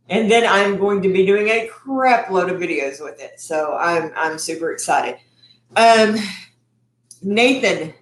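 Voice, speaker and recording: Chatty woman in an echoey room. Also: on the high side. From Texas. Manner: chatty, rambling, eating while talking. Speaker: cooking channel host. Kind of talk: casual livestream chat.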